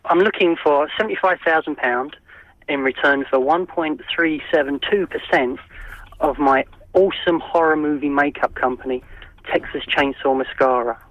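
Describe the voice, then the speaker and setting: A man calling in to a radio show, delivering his pitch in a game, deadpan way. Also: moderate pace, no echo. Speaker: phone-in caller. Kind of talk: comic phone-in pitch. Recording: dull lo-fi phone line.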